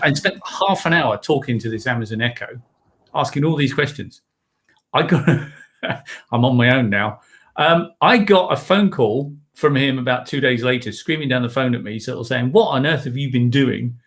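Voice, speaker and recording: Male co-host, anecdotal, mid pitch, light background noise. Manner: anecdotal, animated storytelling. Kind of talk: casual live chat.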